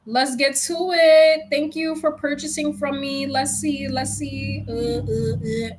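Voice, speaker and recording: A woman's voice: high-pitched, steady tone, slow pace, faint music behind. A young woman giving a casual, chatty tarot reading, swearing freely and talking to viewers like friends. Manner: chatty, profane, laughs a lot. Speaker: tarot reader.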